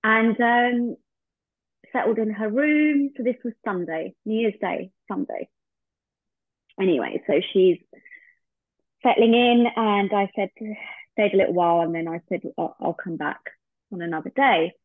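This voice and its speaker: A woman's voice: mid-range voice, measured pace, long pauses, no echo. A woman, a podcast guest, telling a heartfelt personal story and acting out the remembered dialogue. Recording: tinny phone-like line, dry.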